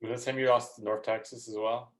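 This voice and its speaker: A man's voice: medium pitch, flat delivery, quick pace. A man co-hosting a sports podcast, dropping brief dry interjections. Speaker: podcast co-host. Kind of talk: casual sports chat.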